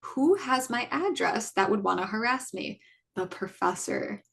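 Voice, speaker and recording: Unhurried and animated, this twenty-something podcast co-host has a high-side voice that is gravelly, a bit bright, and edged with breath. She chats through a personal story, performing what others said to her, with lots of "like" and false starts.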